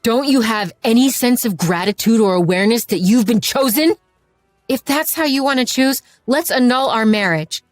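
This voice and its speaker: A woman's voice: mid-range voice, normal speed, no room sound, close to an everyday voice. Read by a woman, a short-tempered middle-aged boyfriend snaps out crude insults, then turns sheepish when he apologizes. The voice stays close to an everyday speaking tone in a narrated audio story. The recording is dry, with faint music underneath. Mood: irritated.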